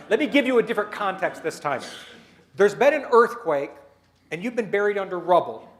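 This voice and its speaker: High-voiced man giving a motivational talk. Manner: storytelling, leads the audience through exercises; acts out quoted people in his stories. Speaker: keynote speaker. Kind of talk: motivational speech at a dinner meeting.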